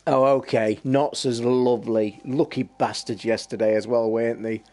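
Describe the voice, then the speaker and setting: With a warm, steady, medium-pitched voice at a moderate pace, a man from Derbyshire, England, hosts a livestream and chats with viewers in a local East Midlands accent. He's a sweary, rambling storyteller who laughs plenty.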